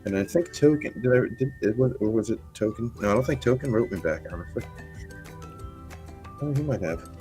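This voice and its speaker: A man's voice: mid-range voice, lively intonation, a little fast, long pauses, dark tone, soft background music. A man hosting a livestream in casual chat, swearing freely, joking, and stumbling over restarts. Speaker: livestream host.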